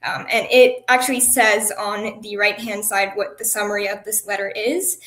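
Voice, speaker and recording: A woman guest speaking earnestly about her group's campaign, filling her pauses with "um". Her voice is fairly high. The room around her rings with echo. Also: fairly bright tone. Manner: earnest, many "um" fillers. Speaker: guest advocate. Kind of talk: explaining an advocacy campaign.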